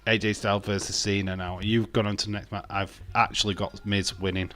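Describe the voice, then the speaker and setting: A man's voice: on the low side, level tone, fairly quick, fairly bright tone. A man hosting a live watch-along, chatting casually and joking with his viewers, often laughing. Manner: talks to viewers and chat by name. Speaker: livestream host.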